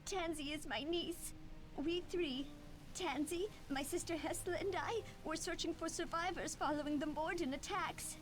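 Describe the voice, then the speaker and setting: A woman's voice: very high-pitched, normal speed. A woman voicing a wounded female dryad in a fantasy game, pleading in formal, old-fashioned speech. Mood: anxious. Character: wounded female dryad searching for her lost niece. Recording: game audio under background music.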